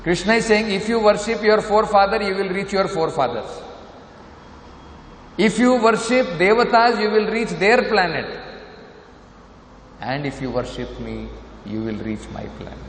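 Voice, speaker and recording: A man's voice: sits high, lively intonation, normal speed, pauses often. A man with an Indian accent giving a scripture lecture, emphatic, posing rhetorical questions and repeating his points. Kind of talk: sermon. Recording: echoey hall with faint noise.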